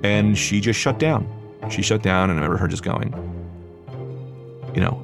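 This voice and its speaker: A young man recounts a personal story in a relaxed, conversational way, with a voice that sits a little low. He speeds up and gets animated when he replays his own words. Music plays clearly behind him throughout. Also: moderate pace, pauses often. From New Jersey. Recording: music underneath.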